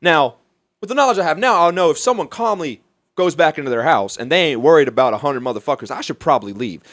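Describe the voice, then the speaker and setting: A young man from Alabama, a comedian guest telling a story in a profane, animated way, laughing as he goes. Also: fairly high pitch, quick pace, dry recording, clean studio sound. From Mobile, Alabama, US. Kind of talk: casual storytelling.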